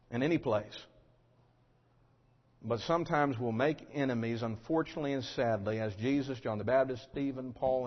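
A man preaching a sermon in a fairly high voice, pushing his points with loud rhetorical questions before sinking low and quiet. His voice carries a long reverb from the sanctuary. The recording sounds dull and muffled. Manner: emphatic, rising to loud rhetorical questions then dropping low. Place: church sanctuary.

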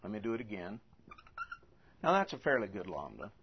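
A man's voice: lowish voice, very animated, brisk, lo-fi sound, a little hiss or hum. A man teaching a lesson, patiently repeating and spelling things out as he goes. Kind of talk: teaching the Greek alphabet.

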